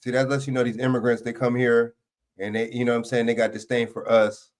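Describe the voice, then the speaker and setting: A man's voice: mid-range voice, flat delivery, quick pace. Blunt, profane man ranting on a livestream. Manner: blunt, profane, repeats "you know what I'm saying". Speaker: livestream host. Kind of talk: casual political commentary. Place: home studio, livestream.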